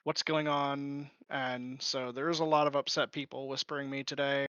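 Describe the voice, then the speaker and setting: A man's voice: medium pitch, level tone, brisk, bright, forceful tone, clear, resonant tone, dry recording, highs cut off. A man leading a gaming guild's raids, talking earnestly in casual voice chat and taking the blame on himself. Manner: earnest, self-blaming. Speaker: guild raid leader.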